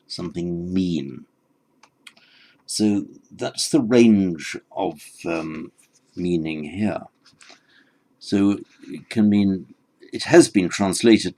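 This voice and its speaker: Low, gravelly man lecturing on texts. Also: a little mellow. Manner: thoughtful, explaining word by word with frequent restarts. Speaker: teacher. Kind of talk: textual lecture on Pali scripture.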